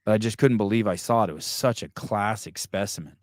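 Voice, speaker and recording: A man's voice: lowish voice, animated, fairly quick, hardly any pauses, a little mellow, no echo, clean studio sound. A man hosting a podcast in casual chat, reading live comments and ranting in a rambling, profane way with many restarts. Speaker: podcast host.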